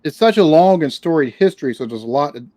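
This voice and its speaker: A man's voice: a little high, expressive, quick pace, mellow, dry recording. A man from the United States, the guest on a casual interview, who rambles, restarts often and swears casually. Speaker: podcast guest, reaction channel creator.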